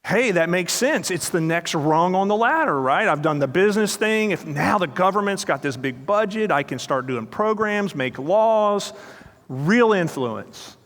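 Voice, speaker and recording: A man's voice: high voice, expressive, a little slow, fairly bright tone. A man with a slightly raised voice gives a motivational talk, telling a story and acting out the other people in it. He turns to the audience with direct questions. His voice rings out with the long reverb of a large hall. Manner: storytelling, acting out quoted dialogue. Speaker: speaker.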